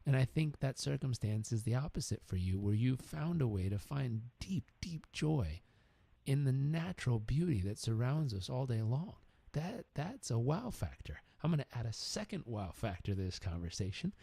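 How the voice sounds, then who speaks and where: A man's voice: mid-range voice, very animated, moderate pace, creaky, warm tone, slightly rough, no room sound. A man hosting a podcast interview, talking casually and encouragingly, repeating words for emphasis. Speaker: podcast host.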